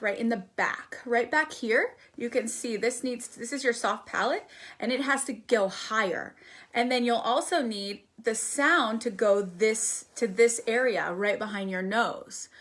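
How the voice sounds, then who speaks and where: A woman giving a musical theater singing workshop, explaining technique and breaking into sung warm-ups and examples. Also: on the high side. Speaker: voice teacher. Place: arts center.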